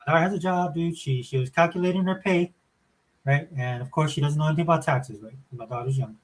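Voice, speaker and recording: A man's voice: on the high side, fast talker, poor audio. A middle-aged man co-hosting a podcast, talking casually and animatedly, rambling through stories with lots of fillers. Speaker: podcast co-host. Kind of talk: casual chat.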